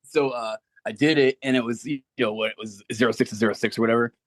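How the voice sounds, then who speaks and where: A man's voice: mid-range voice, fairly even intonation, quick pace, dry recording. A man in his forties, a Marine veteran guest, telling profane anecdotes with frequent laughs. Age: 40s. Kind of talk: casual chat.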